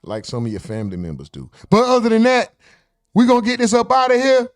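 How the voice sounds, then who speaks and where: A man's voice: extremely high pitch, sing-song, quick pace, dry recording, studio quality. Laid-back man hosting a livestream. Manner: laid-back, profane, reads chat comments aloud. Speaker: livestream host. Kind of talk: casual livestream sign-off chat.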